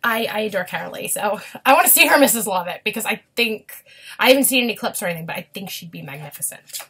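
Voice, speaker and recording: A young woman chatting casually in a vlog, gushing and quick to get emotional. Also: mid-range voice, animated, bright, forceful tone, breathy edge. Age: young adult. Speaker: vlogger. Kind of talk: casual chat.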